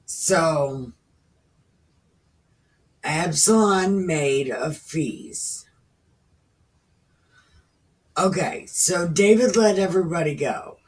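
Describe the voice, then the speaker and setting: A woman's voice: low-pitched, expressive, takes it slowly, a little mellow. A woman in her thirties reading scripture aloud casually, paraphrasing with irreverent, profane slang. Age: 30s. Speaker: reader. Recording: distant from the mic.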